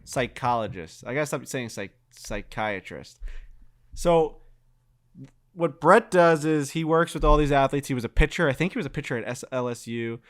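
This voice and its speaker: An excitable young man co-hosting a podcast, swearing freely as he tells stories. He speaks in a middle pitch, loose and chatty. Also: moderate pace. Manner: excitable, profane storytelling. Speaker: podcast co-host. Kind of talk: casual podcast chat.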